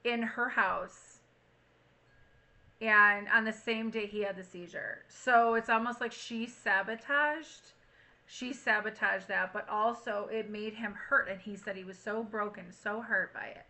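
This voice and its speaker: A woman giving a casual, chatty tarot reading to camera, frank and quick to swear. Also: mid-range voice, pushed and bright, rough recording. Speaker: tarot reader.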